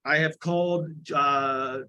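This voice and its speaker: A man who coaches high school girls lacrosse, making an indignant, emphatic complaint at a committee meeting and often restarting his sentences. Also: fairly even intonation, slow, bright, forceful tone, clear, resonant tone, low-quality recording. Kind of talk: public comment at a committee meeting.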